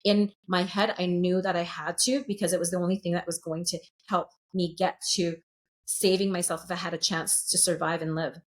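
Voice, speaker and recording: A woman's voice: fairly low pitch, flat delivery, moderate pace. A woman in her late thirties, a sound healer speaking as a podcast guest, telling her story openly and earnestly and swearing freely. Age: late 30s. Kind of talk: candid podcast conversation.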